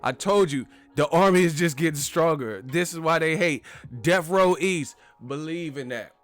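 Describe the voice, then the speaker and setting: A man hosting a live chat stream, talking casually and trash-talking commenters with loud bursts and laughs. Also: fairly high pitch, moderate pace, faint music behind. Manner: brash trash talk, frequent laughing.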